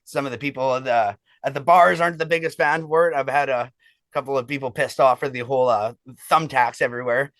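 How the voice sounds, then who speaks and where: A man's voice: medium pitch, fairly even intonation, quick pace, fairly bright tone, dry recording. A man who fronts a band, telling stories in a casual interview, rambling and swearing with lots of fillers. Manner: rambling, profane, heavy on fillers.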